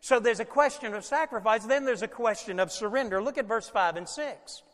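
A man's voice: high-pitched, fairly quick. Preacher man in a reverberant hall. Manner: animated preaching with folksy asides. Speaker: pastor. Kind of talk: sermon.

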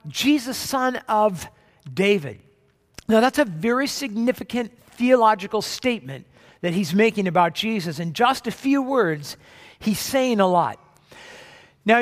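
A man's voice: high voice, fairly bright tone. A man preaching a sermon as pastor, in a conversational way with frequent restarts, recorded in a church sanctuary. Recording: long hall reverb.

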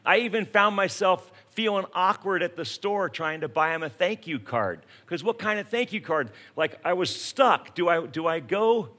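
A man's voice: sits high, moderate pace, few pauses. A man preaching a sermon, telling everyday stories and acting out scenes to make his point. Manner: storytelling, animated, acts out scenes. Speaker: pastor.

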